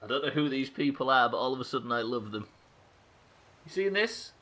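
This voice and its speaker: A man's voice: mid-range voice, animated, a little fast, bright, forceful tone. A man giving live gameplay commentary, swearing and joking with his chat. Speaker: streamer.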